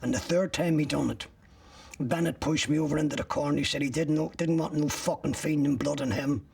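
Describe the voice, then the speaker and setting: A man's voice: on the high side, fairly even intonation, a little fast, vocal fry, darkish tone, husky, distant mic. An older man, recounting a personal ordeal as an interviewee in blunt, graphic words with swearing.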